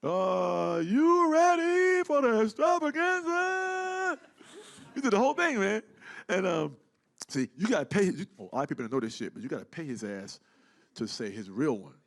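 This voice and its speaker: A man telling a story in casual talk, animated and profane, acting out the people he quotes. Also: mid-range voice, quick pace, gravelly. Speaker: guest.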